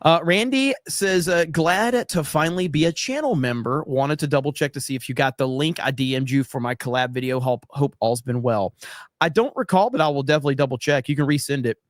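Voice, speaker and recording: A man's voice: on the high side, animated, a little fast, no room sound, studio quality. A man hosting a casual livestream, reading viewer comments aloud with jokes and frequent fillers. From USA. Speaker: livestream host reading chat.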